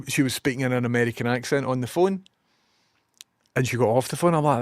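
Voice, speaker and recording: A man's voice: mid-range voice, quick pace, pauses often, no echo, clean studio sound. A man with a Scottish accent chatting casually to his stream, swearing and joking as he tells stories and reads messages. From Scotland.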